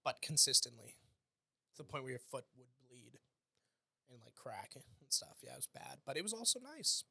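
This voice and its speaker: A man's voice: medium pitch, very animated, normal speed, creaky, sharp tone, husky. A Canadian man co-hosting a podcast in laid-back casual chat, laughing often. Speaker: podcast co-host.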